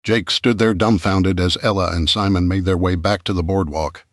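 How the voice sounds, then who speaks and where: A man narrates an audiobook in a steady, measured voice. His voice sits on the low side. The sound is dry and close, with no room to it. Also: no room sound. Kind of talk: scripted narration.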